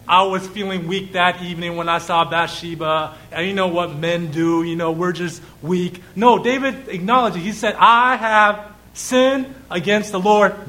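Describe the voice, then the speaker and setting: A man preaching a sermon, asking rhetorical questions, reading scripture aloud and pausing for effect. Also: high-pitched, fairly bright tone, rough recording.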